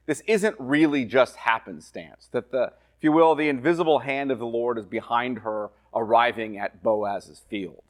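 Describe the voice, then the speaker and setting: A male pastor teaching through a Bible passage in a conversational way, reading verses aloud slowly and then explaining them while often checking in with "right?" and "okay?". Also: on the high side. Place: church.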